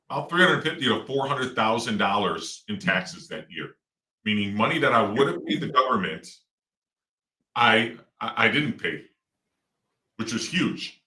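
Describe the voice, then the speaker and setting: A middle-aged real estate investor rambles loosely through casual interview talk, full of fillers and false starts. His voice is low yet bright and forceful. He is recorded on a distant mic in a roomy, echoing space.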